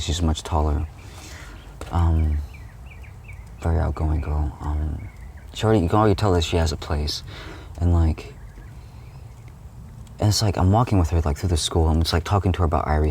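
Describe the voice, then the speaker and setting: A man's voice: very deep voice, gravelly, a little mellow, a little hiss or hum. A young man rambling casually as he recounts a dream, full of "like", restarts and swearing. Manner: rambling, heavy use of "like", frequent swearing and restarts. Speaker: streamer.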